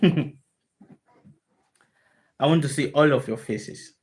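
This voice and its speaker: Slow and husky, with a darkish tone to her deep, low voice, a female spiritual teacher talks to a group on a video call. She leans on emphasis, asks her listeners plenty of rhetorical questions, and repeats key lines to drive them home.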